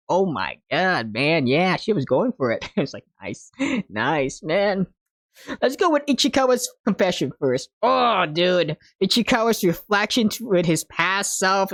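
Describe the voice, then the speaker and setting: Young woman gushing about a show, lowish voice, dry close sound, says "man" a lot. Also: no echo. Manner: gushing, emotional, ends phrases with "man" and "dude". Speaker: anime reviewer. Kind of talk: casual unscripted review.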